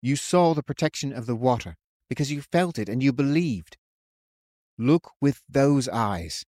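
A man voicing an earnest young man who speaks in a steady, comforting and imploring way. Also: mid-range voice, moderate pace, no echo, studio quality, lightly acted. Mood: reassuring.

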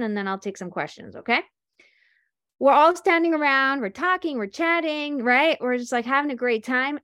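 A woman's voice: a little high, no room sound, studio quality. A woman giving an informal talk to a group, explaining ideas through examples and acting out little scenes with voices. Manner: animated, acts out scenes with voices. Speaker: speaker teaching self-inquiry.

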